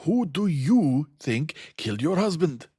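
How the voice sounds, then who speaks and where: A man voicing a formal, fussy older male detective who speaks in an emphatic, deliberate way. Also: lowish voice, animated, darkish tone, no echo, clean studio sound, pitched above the performer's own voice. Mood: insistent.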